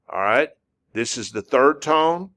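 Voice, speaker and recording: A man teaching a casual spoken lesson as a non-native speaker. He repeats syllables slowly and uses many fillers. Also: medium pitch, lively intonation, a bit bright. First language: English. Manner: repetitive, drawn-out demonstrations of syllables with frequent fillers. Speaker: language teacher.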